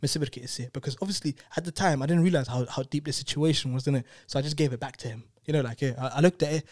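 A young male guest tells a personal story animatedly in casual conversation, full of tag questions and sprinkled with "innit" and "you know what I'm saying." His medium-pitched voice comes rapid-fire, in a dry, clean studio recording.

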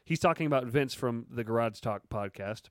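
A man's voice: mid-range voice, a little fast, no echo. A man hosting a casual podcast, joking around and reading listener questions aloud. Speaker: podcast host.

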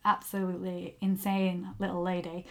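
A woman's voice: fairly low pitch, monotone, moderate pace, a bit bright. A woman co-hosting a podcast, telling a story in casual chat with giggly asides. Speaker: podcast co-host.

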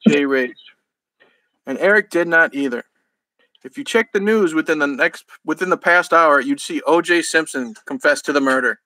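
A man's voice: fairly high pitch, moderate pace, sharp tone, dry recording, low-quality recording. A man hosting a podcast, reading a crude comic story aloud, often laughing and tripping over words. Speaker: podcast host.

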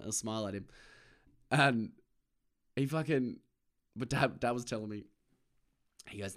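A man's voice: fairly low pitch, a little fast. Rambling, sweary man. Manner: rambling, sweary, self-mocking, laughs often. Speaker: vlogger. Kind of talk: casual solo monologue to camera.

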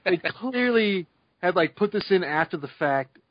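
A man's voice: high voice, animated, normal speed, no room sound. A man co-hosting a podcast in casual chat, rambling with lots of "like" and laughing as he talks. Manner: rambling, laughing, many likes. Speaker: podcast co-host. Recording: slightly dull dry recording.

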